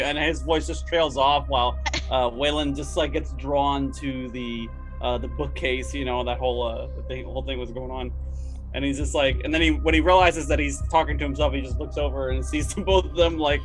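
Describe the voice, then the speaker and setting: A man's voice: mid-range voice, steady tone, fairly quick, soft background music, poor audio. A man playing a tabletop role-playing game, sheepish and chuckling as he describes his character. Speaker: player.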